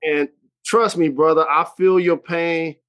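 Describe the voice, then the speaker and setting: A man hosts a podcast with an earnest, supportive manner. His voice sits slightly higher than most men's. He asks his questions with sincere feeling. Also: steady tone, a little slow, a bit bright. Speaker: podcast host. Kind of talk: interview questions.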